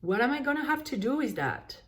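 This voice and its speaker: A woman leading a guided tapping session, slowly voicing frustration in short repeated phrases while naming tapping points. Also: high-pitched, big pitch swings. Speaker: EFT tapping coach.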